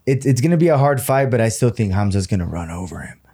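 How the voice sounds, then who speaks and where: A man's voice: lowish voice, big pitch swings, quick pace, mellow, breathy edge. A man co-hosting a podcast who chats casually about fights, swears freely and slips words into his talk. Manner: swears a lot, drops into Spanish words. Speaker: podcast co-host.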